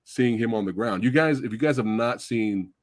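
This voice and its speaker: A man hosting a casual movie review chat, gushing and excitable, swearing freely. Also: mid-range voice, moderate pace, dry recording, studio quality. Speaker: podcast host.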